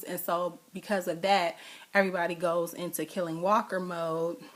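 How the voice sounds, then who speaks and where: A woman recaps a TV episode in a loose, chatty way. Her voice sits slightly low for a woman, and she rambles, trailing into fillers and asides as she goes. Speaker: TV show recapper.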